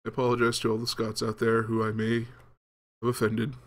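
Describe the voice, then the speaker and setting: A man's voice: medium pitch, completely flat delivery, brisk. A young man casually commenting as he plays a game, rambling with many ums and restarts. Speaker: gaming video host. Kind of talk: casual let's-play commentary.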